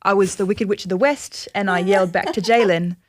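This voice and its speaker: A woman's voice: mid-range voice, a little fast, no echo, clean studio sound. A woman in her twenties, a guest on a podcast, chatting casually and telling stories in a nervous, giggly way. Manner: nervous, giggly, lively storytelling. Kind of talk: casual chat.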